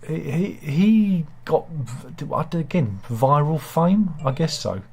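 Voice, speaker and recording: A man's voice: on the high side, lively intonation, takes it slowly, a little mellow, husky. A man with a British accent hosting a casual satirical news chat, rambling and self-deprecating with asides. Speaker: host.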